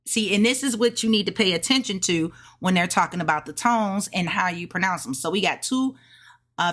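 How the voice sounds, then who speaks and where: Woman walking thru beginner chinese, slow and patient, kinda low voice, repeats stuff a lot. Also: pushed and bright. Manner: slow, patient, repeats words many times, small laughs. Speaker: language learner teaching beginners. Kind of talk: casual lesson explaining Chinese sentences.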